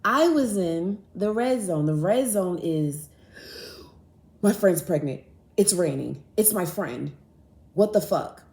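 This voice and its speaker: A young woman with a lowish voice speaks slowly as she hosts a podcast, telling a story in a loose, animated, profane monologue. She plays both sides of a quarrel herself, and the recording sounds roomy and echoey.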